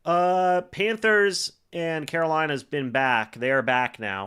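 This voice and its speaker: A young man hosting a live stream, reacting to a football game and calling plays in an excitable way, full of fillers. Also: on the high side, slow, few pauses, smooth. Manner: excitable play-by-play with frequent fillers.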